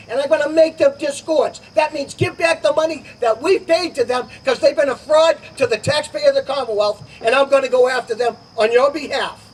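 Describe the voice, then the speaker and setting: Man, high voice, emphatic stump speech, distant outdoor mic, faint insects. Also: a little hiss or hum. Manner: emphatic, repetitive, punchy promises. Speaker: political candidate. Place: outdoor summer garden party. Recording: distant outdoor recording, crickets.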